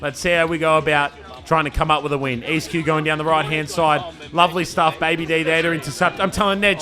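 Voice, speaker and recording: A man's voice: a little high, fast, music in the background. A man with an Australian accent giving casual, bantering play-by-play commentary over his own team's match footage. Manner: laid-back banter, says "man" a lot, excitable on attacks.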